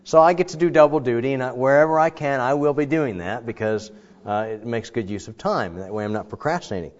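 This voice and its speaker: A man preaching a sermon in a conversational, animated way, with frequent fillers and restarts. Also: mid-range voice, fast, muffled recording. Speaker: pastor.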